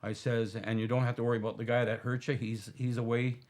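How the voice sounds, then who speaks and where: A man's voice: mid-range voice, flat delivery, fast, darkish tone. A man, a bystander who vividly retells an attack and quotes what each person said. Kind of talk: recounting a story in an interview.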